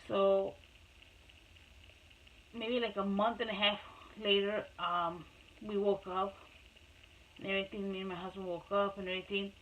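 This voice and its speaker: A woman's voice: mid-range voice, level tone, moderate pace, long pauses, narrow, tinny audio. Mom vlogger rambling through her story, repeats stuff a lot, bit of faint hiss behind. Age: adult mother. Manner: rambling, repeats herself, many restarts and fillers. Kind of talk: casual storytelling to camera.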